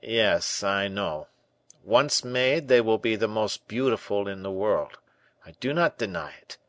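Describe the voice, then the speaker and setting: A hurried old tailor, as a male narrator does him, brisk and insistent, barely civil. the low, dry read gives his complaints a clipped firmness. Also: lively intonation, no echo. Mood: harried. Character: busy, curt old tailor, man.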